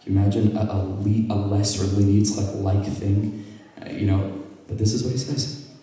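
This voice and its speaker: A male rabbi telling a story at a gathering, acting out the dialogue and sometimes dropping to a hushed voice. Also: fairly low pitch, flat delivery, normal speed. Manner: acts out quoted dialogue, drops to hushed tones. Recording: echoey hall from far off.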